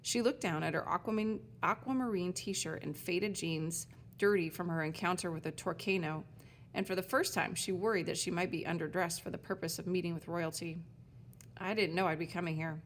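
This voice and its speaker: A woman with a lowish voice reads a storybook aloud in an even, clear way. A faint low hiss runs under the recording. She tells the story in a steady, unhurried manner. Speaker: audiobook narrator. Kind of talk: storybook narration.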